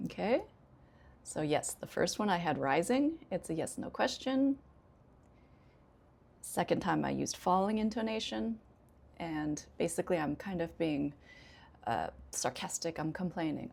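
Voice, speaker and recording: Gravelly low-voiced American woman teacher. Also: lively intonation, a little mellow. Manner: clear, deliberate teaching delivery with example sentences; friendly, addresses learners directly. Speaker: ESL teacher. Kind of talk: spoken English lesson.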